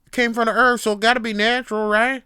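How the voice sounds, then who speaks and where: A man voicing a buffoonish Southern hillbilly man in a put-on Southern US accent, with a shouty, high-pitched drawl. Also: little pitch movement, fast, smooth, no echo, studio quality. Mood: mocking, boastful.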